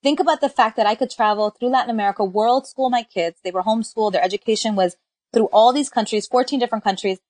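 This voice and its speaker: A woman's voice: fairly high pitch, fast, a little mellow, dry recording. A woman co-hosting a casual podcast chat, talking with enthusiasm and dropping in Spanish phrases. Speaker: podcast co-host.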